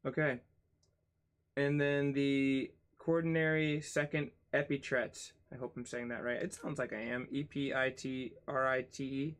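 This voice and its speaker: A man's voice: medium pitch, a bit bright. A man hosting his channel, reading a textbook aloud in a casual way, spelling out words, tripping over terms and dropping sarcastic, swearing asides.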